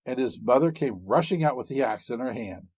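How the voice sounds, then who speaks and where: A man narrating a fairy tale, expressive and dramatic in an unhurried way. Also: medium pitch, breathy edge, dry recording. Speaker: storyteller.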